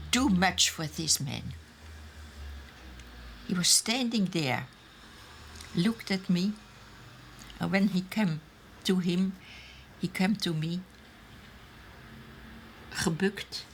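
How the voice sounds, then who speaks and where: Slow, halting older woman. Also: on the low side, fairly bright tone, slight background noise. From Austria. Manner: halting, searching for English words. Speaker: eyewitness interviewee. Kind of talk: documentary interview recollection.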